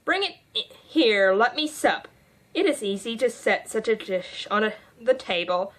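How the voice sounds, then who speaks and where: A woman voicing a gentle, dreamy queen in an audiobook reading, speaking slowly in a cooing, wavering way. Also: a little high, lively intonation. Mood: sing-song.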